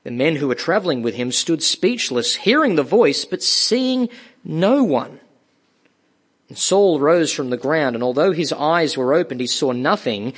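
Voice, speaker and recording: A man preaching a sermon, slow and emphatic, with dramatic pauses and repeated words for stress. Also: fairly high pitch, lively intonation, breathy edge.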